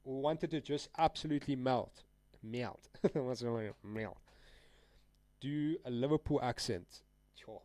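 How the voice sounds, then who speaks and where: With a medium-pitched, dark-toned voice at a measured pace, this man streams his trades live, recorded with no echo. He answers chat and calls out trades casually, full of slang, calling viewers "guys" and "dude."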